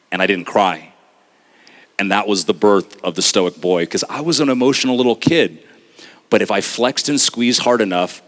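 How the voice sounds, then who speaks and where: Man, low deep voice, storytelling talk, earnest, dramatic pauses, stage event. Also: a bit bright. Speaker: speaker.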